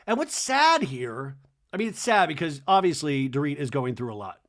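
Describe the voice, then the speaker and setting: A man's voice: fairly high pitch, sing-song, normal speed. A man hosting a podcast, recapping a reality show in a chatty, sarcastic, comedic way. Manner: chatty, sarcastic, laughs often. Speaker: podcast host.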